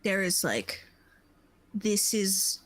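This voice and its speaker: A woman narrating a tabletop game as game master, unhurried and searching for words. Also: medium pitch, sing-song, a bit bright, no room sound, rough recording. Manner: unhurried, with many fillers and restarts.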